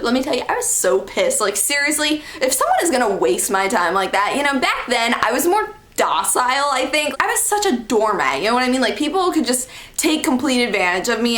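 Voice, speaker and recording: A young woman with a mid-range voice tells a personal story to camera as a storytime vlogger, chatty and animated. She uses "like" and "okay" heavily, and the room is echoey.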